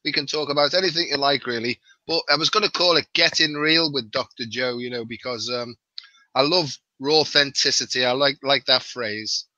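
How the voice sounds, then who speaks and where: Middle-aged male guest, Liverpool accent, chatty and wry; bright voice, lo-fi sound. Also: mid-range voice, moderate pace, dry recording. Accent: Liverpool (Scouse). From the Wirral, near Liverpool, England. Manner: chatty, self-mocking, laughs easily. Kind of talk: casual live-stream chat.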